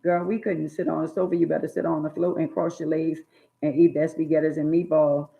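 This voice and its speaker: A woman with a gravelly, fry-laden voice tells stories in casual chat. Her speech carries a lilt. She jumps into loud, shrill bursts when she imitates angry parents. The sound is thin and phone-like. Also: brisk. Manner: animated, acts out scolding parents in loud bursts. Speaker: storyteller recalling childhood.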